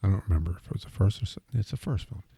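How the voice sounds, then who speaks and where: A man with a deep, gravelly, husky voice talks through a casual podcast monologue. He rambles and muses aloud with plenty of fillers and asides. The sound is dry and close, with no room around it. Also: rapid-fire, warm tone, dry recording. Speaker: podcast host.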